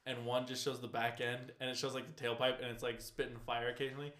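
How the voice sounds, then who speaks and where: A man's voice: mid-range voice, level tone, fast, fairly bright tone, reverberant, slight background noise. A man hosting a casual podcast chat, rambling loosely, swearing and laughing often. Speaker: podcast host.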